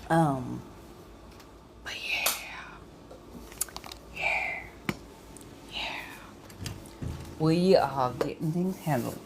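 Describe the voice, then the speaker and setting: Low, slow soft-spoken woman. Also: animated, gravelly, slight background noise. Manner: soft-spoken, drifting into whispers; drawling, playful, chatty. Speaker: ASMR livestream host. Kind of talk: relaxed late-night livestream chat.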